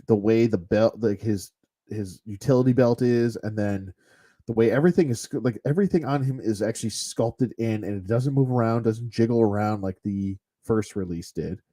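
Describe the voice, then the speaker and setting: A man with a mellow, mid-range voice reviews action figures off the cuff as a toy collector. He rambles, speaks bluntly, and drops some mild curse words in this casual, unscripted review.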